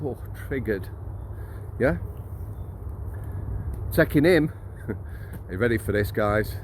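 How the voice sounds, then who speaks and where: A man's voice: on the low side, lively intonation, takes it slowly, slight background noise. A middle-aged man, a former prison officer telling stories in a chatty, blunt, jokey way. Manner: chatty, blunt and jokey, laughs mid-story, addresses viewers as guys. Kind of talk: casual storytelling to camera.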